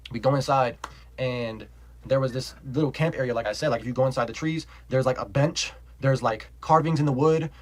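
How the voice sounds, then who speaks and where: A man's voice: medium pitch, fairly quick, slight background noise, low-quality recording. A young man telling a casual storytime, rambling and profane, full of "like", laughing as he goes. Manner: rambling, profane, heavy use of "like"; animated, laughs while telling.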